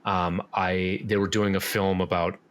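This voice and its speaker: A man with a low, level voice speaks a little slowly as a podcast guest, a musician and actor, rambling through casual interview chat full of fillers and restarts.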